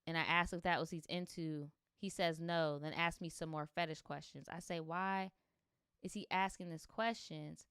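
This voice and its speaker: Sassy, animated woman streamer. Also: lowish voice, moderate pace, clean tone, dry recording, clean studio sound. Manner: sassy, animated reactions, slangy and profane. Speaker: streamer reading viewer stories. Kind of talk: livestream story reading with commentary.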